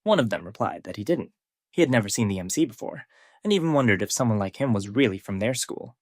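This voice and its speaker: Guy doing a comic recap narration, lively up and down pitch, dry close sound. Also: quick pace, no echo. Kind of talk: scripted story recap narration.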